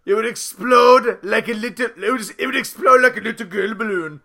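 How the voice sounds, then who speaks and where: A man's voice: high voice, fairly quick, gravelly, sharp tone, full character voice. A man doing a boastful Russian boxer. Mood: boasting. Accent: Russian, put on. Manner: broken-English bragging, mock-menacing.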